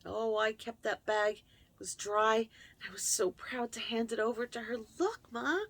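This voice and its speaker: A woman's voice: a little high, little pitch movement, moderate pace, fairly bright tone. A woman host speaking candidly and emotionally in a confessional personal story, recorded at her computer. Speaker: channel host.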